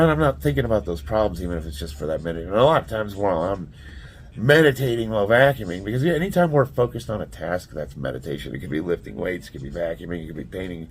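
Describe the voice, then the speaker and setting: A man's voice: low voice, slight background noise. A man giving blunt, plainspoken life advice in a casual talk to camera.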